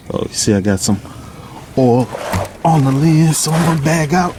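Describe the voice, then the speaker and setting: A man casually explaining a car oil change step by step, slightly out of breath, recorded outdoors under a car on a windy day. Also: mid-range voice. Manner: relaxed, plain-spoken, instructive. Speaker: DIY car vlogger. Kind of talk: casual how-to narration. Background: wind and outdoor noise.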